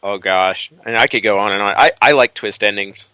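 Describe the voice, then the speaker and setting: A man's voice: lowish voice, brisk, bright, forceful tone, clear, resonant tone, no echo, rough recording. A man co-hosting a casual podcast roundtable, rambling and stammering with frequent restarts, jittery from too much caffeine. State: jittery from energy drinks. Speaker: podcast co-host.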